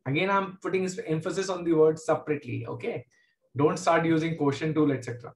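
Casting: Indian English male math teacher, high voice, patient step-by-step delivery. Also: quick pace, roomy sound. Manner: explains step by step, repeats key points. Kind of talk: classroom lecture.

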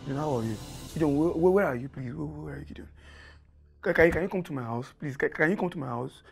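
A man's voice: a little high, fast, gravelly, breathy edge, soft background music. An actor playing a distraught man who stammers and repeats himself as he begs his brother for help. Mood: pleading. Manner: stammering, repeating words in panic. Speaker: man who found a dead woman at home. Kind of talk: film drama acting.

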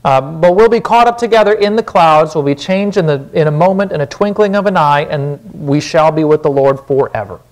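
A man's voice: on the high side, brisk, hardly any pauses, a little mellow. A man with a Wisconsin accent preaching a sermon in a church, casual and conversational, often asking "right?". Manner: conversational, frequent "right?" check-ins. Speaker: pastor.

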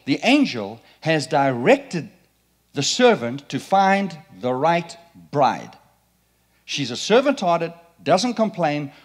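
Animated, playful male preacher. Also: fairly high pitch. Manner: animated, playful, quizzes the congregation. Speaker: pastor. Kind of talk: sermon. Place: church sanctuary.

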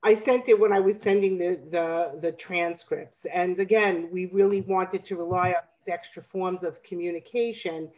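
A woman's voice: lowish voice, steady tone, normal speed, hardly any pauses, darkish tone, lo-fi sound. A woman school counselor talking casually and apologetically to parents on a call.

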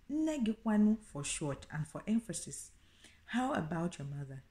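Low-voiced woman teaching a language. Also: sing-song, dark tone. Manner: explains slowly, repeats each phrase. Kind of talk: casual video lesson.

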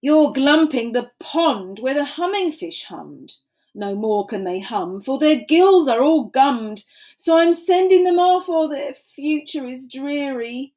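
Brief: a woman playing a grumpy old male forest creature, croaking and scolding, pitched high, storybook read-aloud. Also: expressive, a little mellow, rough recording. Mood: mournful. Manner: croaking, coughing, slow and scolding.

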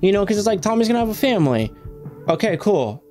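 A man's voice: high voice, very animated, fast, a little mellow, soft background music. A man hosting a reaction video, rambling in casual commentary, swearing often and filling his talk with "like".

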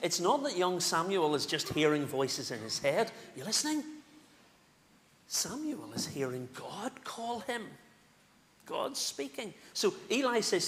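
Lively Northern Irish minister in a church. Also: male voice, sits high, measured pace. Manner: animated storyteller, playful with children. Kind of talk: children's talk in a church service. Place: church sanctuary. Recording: echoey church with faint room noise.

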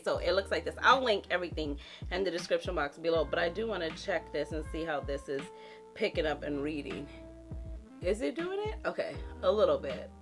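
A woman vlogger in her thirties chatting animatedly and sassily to her viewers about perfumes, talking to them like girlfriends. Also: lowish voice. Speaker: beauty vlogger. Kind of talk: casual chatty product talk.

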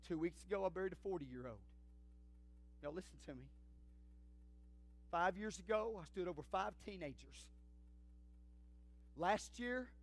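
A middle-aged pastor preaching a sermon in a church, swinging from shouts to near whispers in folksy talk. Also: male voice, sits high. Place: church sanctuary.

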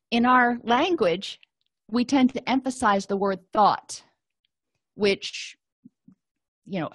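A middle-aged woman counselor giving a calm, explanatory lecture and walking listeners through exercises. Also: mid-range voice, no echo, clean studio sound. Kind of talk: recorded lecture.

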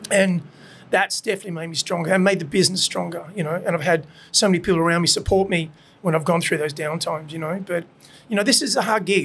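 A quick-talking man with a high, gravelly voice. He chats frankly about his restaurant and swears often. He rambles loosely and piles up fillers. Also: fairly bright tone. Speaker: restaurant owner, guest. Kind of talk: candid casual chat.

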